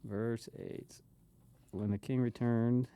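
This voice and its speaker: A man's voice: medium pitch, steady tone, slow, warm tone, smooth, no room sound. A man co-hosting a podcast, talking casually and thoughtfully about a Bible story and asking questions about the text. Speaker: podcast co-host.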